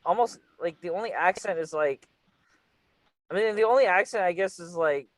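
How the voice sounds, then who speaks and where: Teasing, high-voiced male interviewer, dry sound. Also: moderate pace, dry recording, poor audio. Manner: teasing, laughs often. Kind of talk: casual flirty chat. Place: California.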